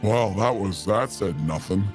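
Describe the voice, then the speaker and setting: A man's voice: lowish voice, measured pace, darkish tone, soft background music, voice pushed down, close to an everyday voice. A man doing a blunt, crude hulking brute. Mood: mocking. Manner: blunt, mocking, gruff. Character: huge crude male brute, blunt and rude.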